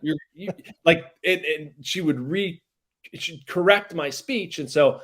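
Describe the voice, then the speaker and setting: A man's voice: on the high side, unhurried. Chatty man co-hosting a podcast. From Pittsburgh. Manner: animated, rambling with restarts. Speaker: podcast co-host, baseball journalist. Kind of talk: casual podcast chat.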